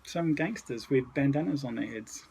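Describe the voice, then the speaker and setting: A man's voice: medium pitch, normal speed, vocal fry, a little mellow, breathy edge, rough recording. An Australian man, a podcast guest, casually telling rambling travel stories with mild swearing. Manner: laid-back, rambling anecdotes with mild swearing. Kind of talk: casual storytelling.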